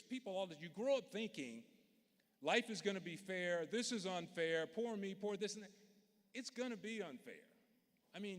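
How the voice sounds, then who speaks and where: A man's voice: sits high, a bit bright. Man in an arena. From Louisiana. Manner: folksy, earnest, direct. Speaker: commencement speaker. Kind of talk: commencement speech, storytelling. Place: large indoor arena. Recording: long reverb of a big arena.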